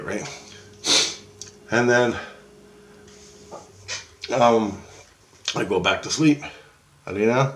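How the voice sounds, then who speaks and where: A middle-aged man, retelling a dream in a loose, profane, rambling way with many restarts. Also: fairly low pitch. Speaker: vlogger.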